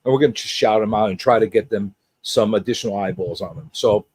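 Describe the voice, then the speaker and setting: A man's voice: fairly low pitch, fast talker, a little mellow, breathy edge, no echo. A man hosting a casual livestream chat, greeting viewers one by one with a rambling, teasing, joking manner. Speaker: host.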